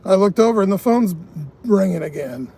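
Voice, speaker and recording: A man's voice: high-pitched, lively intonation, moderate pace, warm tone. A man working as a food delivery driver, venting and swearing in frustration on a live stream from inside his car. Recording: car ambience noise.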